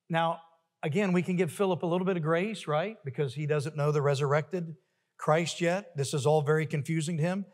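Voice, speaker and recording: Man, pastor, sermon, emphatic, high-pitched, reverberant sanctuary. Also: brisk. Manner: emphatic, rising to forceful peaks with repeated refrains. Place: church sanctuary.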